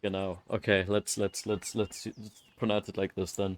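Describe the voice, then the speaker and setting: A man's voice: lowish voice, flat delivery, moderate pace, hardly any pauses, no echo. A young man, streaming a game and chatting loosely with his viewers, rambling and swearing as he goes. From Germany. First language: German. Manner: rambling, loose, swears and laughs, talks to chat. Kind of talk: casual live-stream chat while playing.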